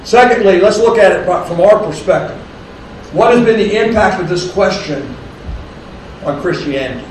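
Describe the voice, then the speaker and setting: A man preaching a sermon, reading scripture slowly and deliberately, then explaining it to a congregation. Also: high voice, lively intonation, darkish tone, slight background noise. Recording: distant, very echoey room with faint ambience.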